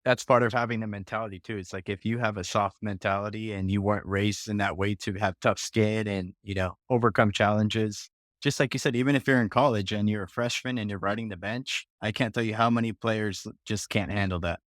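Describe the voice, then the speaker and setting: Lower-voiced man, casual podcast talk. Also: fairly quick, no room sound, clean studio sound. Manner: relaxed, agreeable, uses fillers like "you know" and "like". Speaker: podcast co-host.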